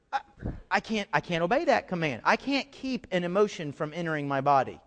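A middle-aged man preaching a sermon, swinging from loud, emphatic outbursts to quiet, low asides and often repeating words as he stresses a point. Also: expressive, brisk. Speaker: pastor.

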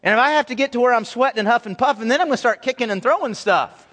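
A male pastor giving a conversational, animated sermon, acting out quoted voices as he goes. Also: very high voice, very fast, big-room sound.

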